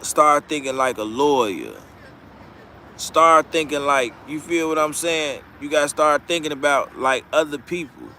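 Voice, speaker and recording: A man's voice: on the high side, unhurried, bright, forceful tone, a little hiss or hum. A man hosting a casual live-stream commentary, talking bluntly with heavy profanity and frequent restarts. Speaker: commentary channel host.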